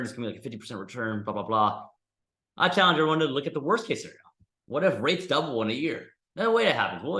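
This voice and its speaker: A man's voice: lowish voice, fairly bright tone, echoey room. A man teaching a real estate investing class in a casual, conversational way, often tagging sentences with "right?". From United States.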